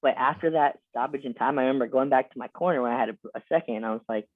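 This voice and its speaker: Racing along at medium pitch with hardly a pause, this Lehigh Valley man in his twenties, once a college wrestler, swaps stories in a relaxed interview. He repeats words and fills gaps with "like" and "you know," captured as dry, tinny, phone-like audio without room sound.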